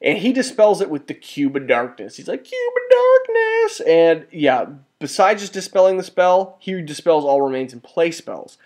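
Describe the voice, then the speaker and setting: A man casually narrating a tabletop wargame battle report over photos, rambling and excitable, often restarting and correcting himself. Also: on the high side, normal speed. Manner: mild cursing and exclamations.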